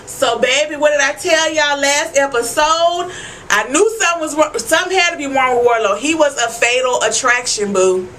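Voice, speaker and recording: A high-pitched woman with a bright, sharp tone recapping a TV episode for her viewers. She is animated and slangy, and swears freely as she talks straight to the camera. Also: normal speed, a little hiss or hum, rough recording. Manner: loud asides and frequent swearing. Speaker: vlogger.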